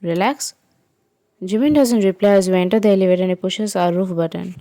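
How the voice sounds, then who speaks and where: A woman narrating a second-person fan fiction story in an even, unhurried way. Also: mid-range voice, no echo.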